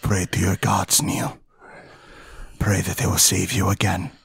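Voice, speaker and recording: A man's voice: low voice, monotone, measured pace, gravelly, fairly bright tone, husky, no room sound, exaggerated voice. A man voicing a menacing shadowy female creature in whispered role-play, taunting coldly.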